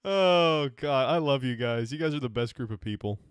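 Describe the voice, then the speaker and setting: A man with a mid-pitched voice teases and jokes in easy, casual chat. The sound is close and dry, with no room around it. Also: lively intonation, moderate pace, smooth, dry recording. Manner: playful, teasing.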